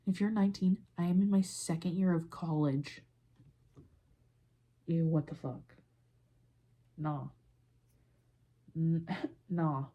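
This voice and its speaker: A young woman hosts a casual podcast in a heated, swear-laden rant, exasperated and fired up as she does her makeup. Her voice is dark and mellow, and it is recorded on a phone. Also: low voice, little pitch movement, slow, pauses often. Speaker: podcast host. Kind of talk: casual ranting commentary.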